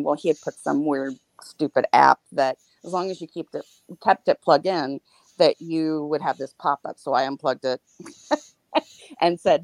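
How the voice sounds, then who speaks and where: A woman podcast co-host recounting a personal experience in a candid, animated way, laughing now and then between grim details. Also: sits low, normal speed, no echo.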